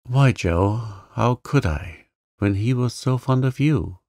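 A man voicing a gentle young woman facing illness, speaking softly, slowly and with resignation. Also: mid-range voice, lively intonation, no echo, clean studio sound, pitched above the performer's own voice. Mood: resigned.

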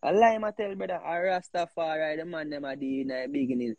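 A man's voice: a little high, fairly quick, vocal fry, no room sound, muffled recording. Emphatic Jamaican man, dry sound. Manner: animated, emphatic, repeats himself. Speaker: host. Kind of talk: heated casual talk.

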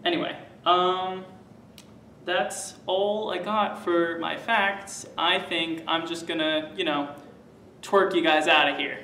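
A young man putting on a muddled fake British-Australian accent, listing facts about himself with many ums and pauses in an echoey room. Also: a little high, fairly even intonation, bright, forceful tone, recorded from a distance, slight background noise, full character voice. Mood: boastful. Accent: fake British-Australian mix.

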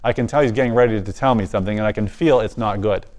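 Man telling a vivid personal testimony. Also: very fast. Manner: animated, drops his voice low for quiet moments. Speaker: guest speaker.

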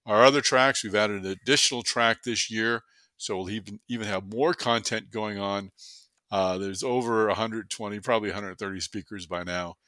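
A man's voice: lowish voice, fairly even intonation, normal speed, bright, forceful tone, dry recording. Upbeat Boston man hosting a podcast. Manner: upbeat, with many fillers. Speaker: podcast host. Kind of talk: casual podcast talk.

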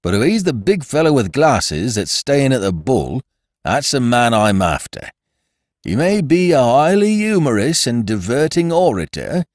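Man doing a gruff stern constable, blunt, swinging pitch, dry close sound. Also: huge pitch swings, a little slow, no echo. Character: stolid stern middle-aged male village constable.

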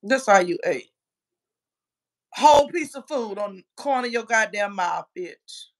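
A woman hosting a casual livestream, reading chat comments aloud in a brash, profane way and often shouting. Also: mid-range voice, animated, unhurried.

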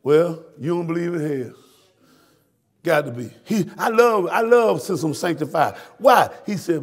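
A male pastor with a Southern US accent, preaching a fiery sermon that swings from shouted peaks to hushed drops. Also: a little high, expressive, measured pace, husky. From Florida, US.

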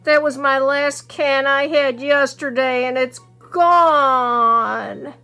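A woman's voice: sits high, fairly even intonation, slow, bright, forceful tone, soft background music, full character voice. A woman voicing a grumpy man who complains dramatically about running out of his favorite soda, in a homemade skit. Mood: whining.

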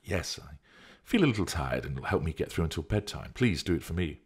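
A man's voice: low-pitched, sing-song, fairly quick, husky, heavily acted. A man voicing a petulant young woman who insists and pleads for drugs. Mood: wheedling.

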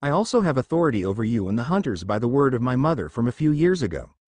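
A man voicing a calm, confident young man who speaks firmly and seriously. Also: mid-range voice, fast, no room sound. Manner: calm and firm.

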